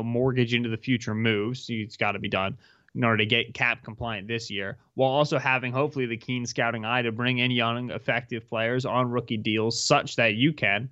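Man, sports talk co-host, sharp bright voice, hedging fillers, dull lo-fi remote mic. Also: mid-range voice, dry recording. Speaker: podcast co-host.

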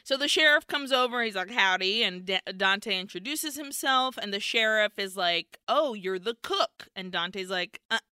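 A woman's voice: medium pitch, moderate pace, hardly any pauses, clear, resonant tone, dry recording, studio quality. A woman co-hosting a podcast, recapping a film in casual chat and acting out the characters' lines. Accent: American. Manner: animated storyteller acting out characters. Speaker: podcast co-host.

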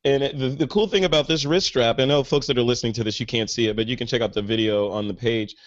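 A man's voice: mid-range voice, fairly even intonation, quick pace, lo-fi sound. A man hosting a podcast, chatting casually and with enthusiasm, with lots of fillers. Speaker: podcast host. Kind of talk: casual chat.

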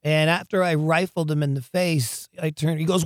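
A man guest in an interview, telling wild stories in an animated, excitable way, laughing often and acting out what people said. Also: on the high side, moderate pace, no echo, studio quality. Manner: animated, excitable storyteller who laughs often and acts out quotes. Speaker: guest, rock singer. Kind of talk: storytelling interview.

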